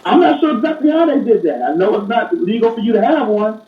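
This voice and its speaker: A man's voice: sits high, sing-song, fast talker, a little hiss or hum. A man speaking as a police officer guest in a casual, plain-spoken interview over a remote connection. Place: remote call from elsewhere. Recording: roomy, distant, dull remote audio.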